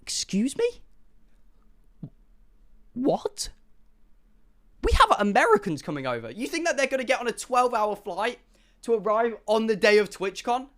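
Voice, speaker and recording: Young man, streamer storytime, high lively voice, bright tone, excitable and sweary. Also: a little fast. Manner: excitable, swearing, acts out dialogue. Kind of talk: animated storytime to chat.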